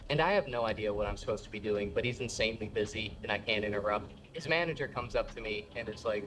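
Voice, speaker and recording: A man's voice: lowish voice, fast talker, hardly any pauses, slight background noise, poor audio. A male stand-up comedian telling a story and acting out each character. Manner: animated, acts out every character.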